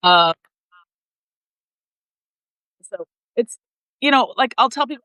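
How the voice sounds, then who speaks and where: Loud, rambling middle-aged woman. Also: fairly low pitch, big pitch swings, a little slow, no room sound, poor audio. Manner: rambling, many fillers and restarts; loud, passionate talker. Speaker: flight attendant sharing her story. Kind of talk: casual livestream chat.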